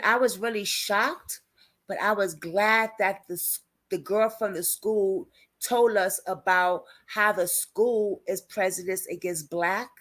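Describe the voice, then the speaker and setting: A woman hosts a relaxed live stream, talking straight to her viewers in informal, slangy speech. She reads their comments aloud and answers them, in a voice of middle pitch. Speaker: livestream host covering a criminal case.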